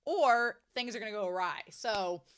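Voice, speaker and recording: A woman giving a casual, excited reaction commentary on an anime episode, chatty and laughing often. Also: mid-range voice, moderate pace, smooth.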